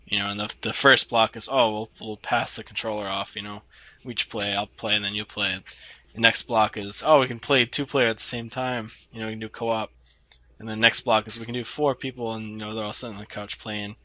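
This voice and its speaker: A man's voice: lowish voice, fairly even intonation, brisk, pushed and bright, no room sound. A man co-hosting a casual podcast, musing and filling gaps with "you know". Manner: reflective, leans on "you know". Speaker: podcast co-host. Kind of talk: casual chat.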